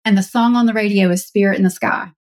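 Female co-host, mid-range voice, lively anecdotal delivery. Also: mid-range voice, quick pace. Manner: animated, chatty storyteller. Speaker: podcast co-host. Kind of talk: casual podcast chat.

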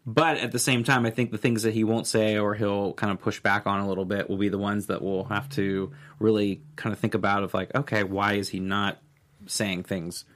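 A man with a lowish voice sits on a comedy news talk panel. He is relaxed and agreeable, answering with easy asides and frequent murmurs of assent. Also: brisk. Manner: relaxed, agreeable, many mm-hmms.

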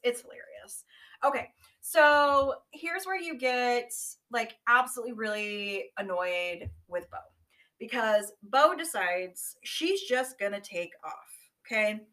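A woman recaps a novel for her co-host in a lively, foul-mouthed way. Her voice sits a little high and sounds crisp and bright. The talk is loose and casual. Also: slow. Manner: animated, profane storytelling. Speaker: book podcast co-host. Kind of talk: casual book recap chat.

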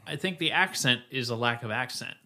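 Man, podcast co-host, casual chat, bright forward tone, laid-back, trails off. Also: medium pitch, expressive, fairly quick. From Iowa.

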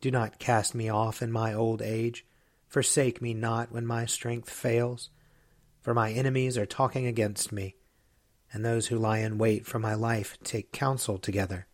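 A man, a priest, reading a psalm aloud in a slow, deliberate liturgical style. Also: medium pitch, little pitch movement, no room sound, studio quality.

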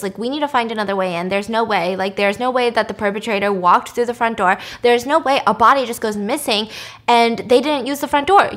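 A woman's voice: medium pitch, a bit bright. A woman casually retelling a story, acting out the characters' lines in shifting voices. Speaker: podcast host.

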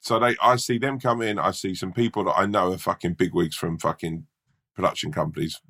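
A hungover male stand-up comedian from Britain, telling a sweary, animated anecdote in casual chat. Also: deep voice, brisk, creaky.

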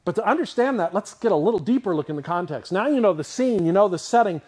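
A man's voice: sits high, fast, slightly rough. A man preaching a sermon in a conversational style, asking his listeners questions and picturing scenes for them. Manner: conversational, animated, asks the audience questions. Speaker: pastor.

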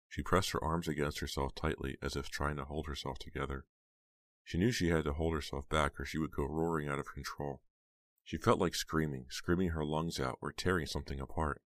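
A man narrating a horror audiobook in a measured, steady reading. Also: extremely low pitch, no room sound.

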